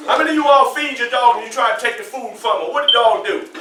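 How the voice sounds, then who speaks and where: A man's voice: very high-pitched, fast talker, very noisy. A man in his sixties, a guest speaker telling a class a personal story with vivid, repetitive phrasing and questions to the room. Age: 60s. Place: school classroom indoors. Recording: echoey classroom, distant mic.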